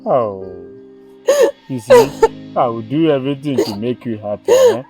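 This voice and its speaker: A man's voice: mid-range voice, huge pitch swings, dark tone. An actor playing a fawning male teacher who coaxes a crying schoolgirl, drawing out his words and ending lines with a pleading "eh". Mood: coaxing. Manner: coaxing, drawn-out, tag "eh" on lines. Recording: music bed behind the voice.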